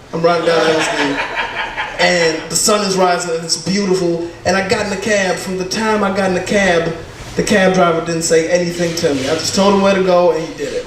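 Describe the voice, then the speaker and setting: Stand-up comedian, man, higher voice, loose and profane, echoey club heard from afar. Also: distant mic, a little hiss or hum. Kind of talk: stand-up set.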